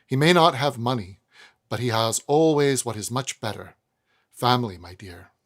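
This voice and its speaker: A man's voice: mid-range voice, very animated, normal speed. A man reading aloud and voicing a stately, proud old woman who boasts of her family pedigree, in a raised voice with a put-on Welsh lilt. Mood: stately triumph. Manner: lofty, fond, confiding.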